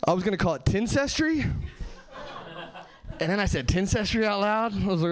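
On a club stage, a male comedian from Southern California delivers stand-up in a high-pitched voice at normal speed. He's punchy and animated, with wide, lively pitch swings, and he uses a handheld stage mic.

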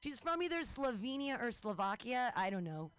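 A woman's voice: on the high side, very animated, moderate pace, clear, resonant tone, dry recording. A woman in her thirties hosting a comedy show, riffing sarcastically and introducing comedians. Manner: sarcastic and rambling.

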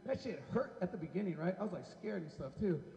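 A man with a high, mellow voice doing stand-up on a club stage. He talks brashly and profanely and needles the audience. The sound rings with the long echo of a roomy hall. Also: animated, fast, gravelly, muffled recording. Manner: brash, profane, teasing the crowd. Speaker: stand-up comedian. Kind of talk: stand-up comedy set. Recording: echoey hall.

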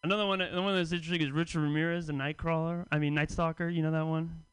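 A man doing stand-up at a comedy festival he helps run. His delivery is deadpan and teasing, with stammered restarts. His voice is high, bright and clear, close on a dry mic. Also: very fast, no echo, poor audio. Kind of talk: stand-up set. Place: comedy club stage.

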